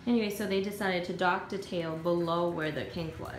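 A woman's voice: fairly low pitch, fairly even intonation, a little fast, hardly any pauses. A woman boarding dogs who coos praise at them in a rising sing-song and chats casually about them. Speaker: dog boarder. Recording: echoey room with music behind.

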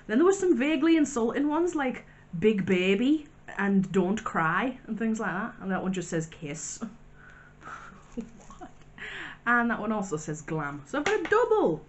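A woman in a casual vlog, reviewing sweets and crisps in a chatty, wry way with little asides. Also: a little high, big pitch swings, measured pace, slight background noise. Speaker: vlogger.

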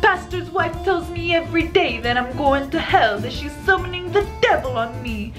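A woman's voice: sits high, animated, moderate pace, over music, pitched above the performer's own voice. Woman putting on a frightened man in a bad Italian accent. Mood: anxious.

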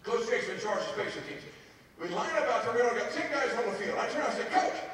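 A man preaching as a pastor, telling a story in an animated, humorous way. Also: extremely high pitch, fast. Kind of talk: storytelling sermon. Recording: echoey hall, mic far off.

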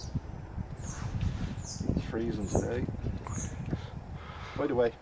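A man from North County Dublin speaks slowly in a creaky, medium-pitched voice on a very noisy recording. A classic car hobbyist, he rambles through a car repair how-to outdoors by a house in the cold, chatty and self-deprecating with frequent sidetracks.

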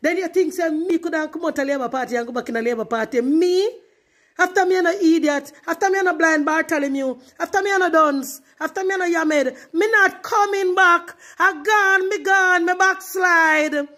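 A woman's voice: very high voice, moderate pace, pushed and bright. A Jamaican woman with a broad patois accent, ranting in a defiant, mocking, emphatic way. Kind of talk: casual ranting.

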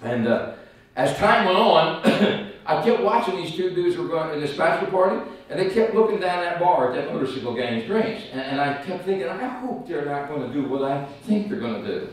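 Male evangelist, folksy animated storyteller, high voice, heard from a distance in a very echoey church. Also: fairly quick. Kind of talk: sermon testimony storytelling. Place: church sanctuary.

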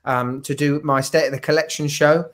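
A guest watch collector joins a live video call for a casual live-stream chat, rambling and joking with lots of restarts and fillers. His fairly high voice has little pitch movement and moves at normal speed, with crowd noise behind him.

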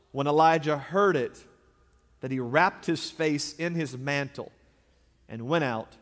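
Pastor, man, high voice, dramatic preacher who drops to a hush, live in a reverberant sanctuary. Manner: dramatic, swinging from loud declarations to hushed low lines. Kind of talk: sermon. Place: large church sanctuary. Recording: long reverb of a large sanctuary.

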